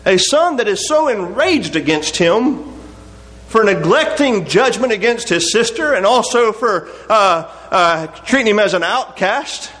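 A man with a notably high voice delivers an earnest sermon. He reads scripture in old-fashioned wording and swings between quiet, slowed passages and raised, pleading appeals to the listener. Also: expressive. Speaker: preacher.

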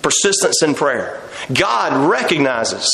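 A man's voice: fairly high pitch, big pitch swings, slow pace, vocal fry, bright, forceful tone, roomy sound. A man preaching a sermon with fervor, acting out voices and laughing now and then. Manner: fervent preaching, acts out quoted voices, laughs often.

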